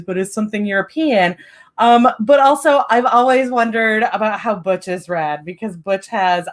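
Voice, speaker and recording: A woman hosting a live writing-sprint stream, chatting casually and rambling with many fillers and giggles. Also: on the high side.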